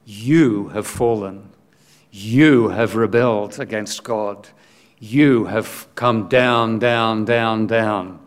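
Preacher reads a grave old-parable spider: slow, low, reproachful. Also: male voice. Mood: solemn rebuke. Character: solemn spider rebuking a fallen man.

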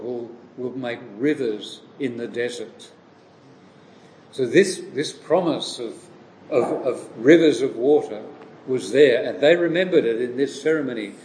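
A man delivers a sermon at an unhurried, deliberate pace, circling back over his phrases as he builds each point. His voice sits in the middle range and carries a noticeable room echo. A faint hum of background noise runs underneath. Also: mid-range voice, a little mellow. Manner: slow, measured preaching with frequent repetitions and restarts. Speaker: preacher.

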